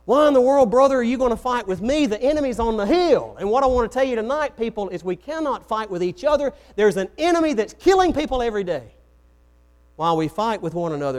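High-voiced preacher. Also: male voice, darkish tone. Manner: storytelling, acts out quoted voices. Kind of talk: sermon.

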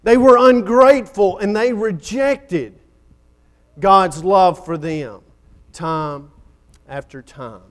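Slow, dramatic high-voiced male preacher. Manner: dramatic preaching, swells then drops to near-whisper at phrase ends. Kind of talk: sermon.

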